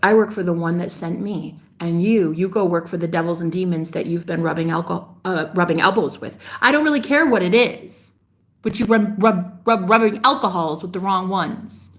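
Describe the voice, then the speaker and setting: Woman, vlog rant, preachy and fierce, swears a lot, scolds the viewer, jumps up in pitch when she yells. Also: normal speed. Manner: emphatic, pitch jumps on outbursts. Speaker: spiritual vlogger. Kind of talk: ranting monologue to camera.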